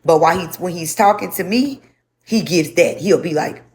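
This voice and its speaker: A woman's voice: fairly low pitch, expressive, fairly quick. A young woman telling her story to a livestream audience, speaking bluntly with lots of swearing and repetition.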